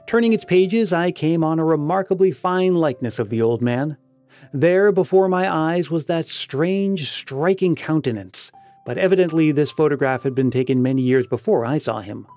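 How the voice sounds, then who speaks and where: A man reading a story aloud as narrator, in a measured way that slows for emphasis. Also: a little high, darkish tone, soft background music. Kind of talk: audiobook narration.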